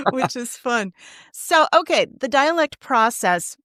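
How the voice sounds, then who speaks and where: A woman's voice: high voice, sing-song, takes it slowly, fairly bright tone, no echo, studio quality. A woman hosting a podcast and interviewing her guest in a chatty way, laughing often. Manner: chatty, laughs often, gives short backchannels. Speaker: podcast host and acting teacher. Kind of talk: casual interview chat.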